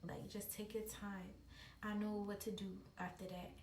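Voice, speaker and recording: A woman quoting her teenage boyfriend in a hushed, urging voice, recorded in an echoey room from a distance. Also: mid-range voice, level tone, normal speed, lightly acted. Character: teenage boyfriend, hurried and coaxing. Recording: echoey room, distant mic, faint hiss.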